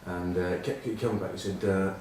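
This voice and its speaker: A man's voice: sits low, fairly even intonation, a little fast, darkish tone, heavy reverb, recorded from a distance, slight background noise, poor audio. A middle-aged English man telling rambling, self-mocking rugby stories in casual chat. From England. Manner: rambling, self-mocking anecdotes with many ums. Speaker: rugby pundit.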